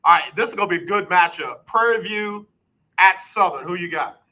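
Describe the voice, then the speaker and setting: A man hosting a casual sports talk radio show, quizzing his guest in a brisk, repetitive rhythm. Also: high voice, sharp tone, low-quality recording.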